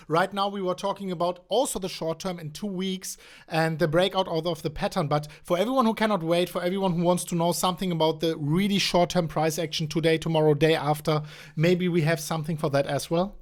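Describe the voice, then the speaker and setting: A man with a German accent hosting a casual market talk on a call, animated and speaking slightly broken English. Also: sits high, fairly quick. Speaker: host.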